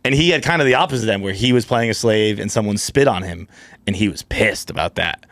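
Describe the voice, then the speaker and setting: A man's voice: lowish voice, a bit bright, no echo. A man speaking as a podcast guest in casual chat, stammering through restarts as he tells a story. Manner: quick, stammering restarts, laughs often.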